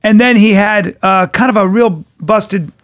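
A man with a notably high speaking voice co-hosts a casual podcast. He tells stories with lots of animation and slips into the voices of the people he quotes. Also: unhurried, no echo. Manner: animated storyteller who acts out quotes. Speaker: podcast co-host.

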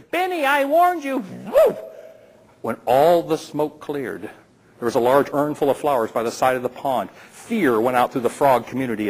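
A man's voice: on the high side, slightly rough, low-quality recording. A man telling a playful folk tale aloud to a live audience, with teasing asides to the listeners. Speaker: storyteller.

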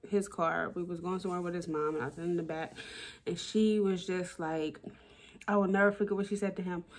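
A woman vlogging candidly about her relationship, emotional and blunt, swearing and repeating herself for emphasis. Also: on the low side. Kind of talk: personal vlog, talking to camera.

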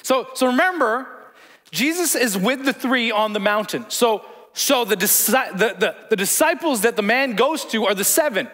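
A man's voice: very high-pitched, animated, normal speed, fairly bright tone. A man preaching a sermon as pastor in a church hall, conversational, repeating words and joking with the congregation.

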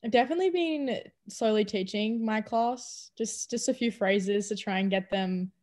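A young adult woman, a college basketball player with an Australian accent, chats animatedly in a casual interview over a video call. Her medium-pitched voice has a darkish tone and moderate pace, and she laughs often.

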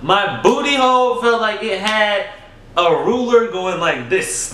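A young man telling a storytime vlog story in a casual, animated way, swinging up high for emphasis and talking straight to his viewers. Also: measured pace, slight background noise. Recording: echoey room.

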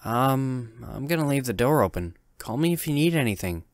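A man voicing an anxious, loving mother who speaks softly, tenderly and hesitantly. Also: mid-range voice, lively intonation, normal speed, no room sound, studio quality, voice pushed up, natural voice.

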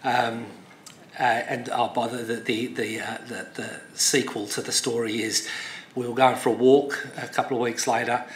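A man's voice: mid-range voice, flat delivery, moderate pace, a little hiss or hum. Middle-aged man speaking in an echoey hall. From Australia. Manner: storytelling, many fillers and restarts; rousing and emphatic. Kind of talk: speech.

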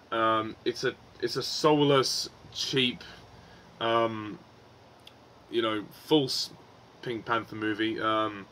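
A man's voice: fairly low pitch, pushed and bright, a little hiss or hum. A man giving a frustrated, swearing film review, with many ums and restarts.

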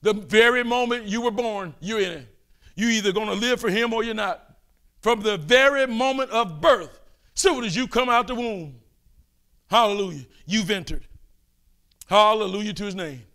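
An older man with a high voice preaches a fervent sermon at a moderate pace. He calls out and pleads with his listeners between quieter asides.

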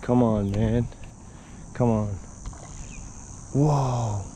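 Angler-vlogger, warm mellow tone, excitable and sweary, light outdoor hiss. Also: male voice, medium pitch, very slow. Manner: excitable, swears when frustrated. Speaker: fishing vlogger. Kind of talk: casual fishing vlog commentary. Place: outdoors on the water.

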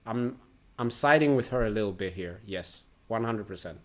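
A man's voice: lowish voice, lively intonation, moderate pace. Guy doing reaction commentary, joking around, chill and loose. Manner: joking, loose, laughing often. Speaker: reaction video host.

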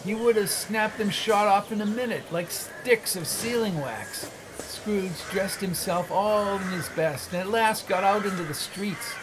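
A man's voice: high-pitched, unhurried, background noise. Theatrical male audiobook narrator. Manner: expressive, storytelling, theatrical. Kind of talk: audiobook narration of a classic novel.

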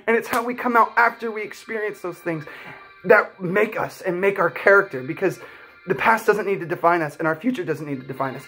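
Young male vlogger with a slightly raised pitch, sincere and rambling, speaks from the heart. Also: fairly bright tone, slightly rough. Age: young adult. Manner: heartfelt, rambling, many "like" fillers. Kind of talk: earnest personal storytelling.

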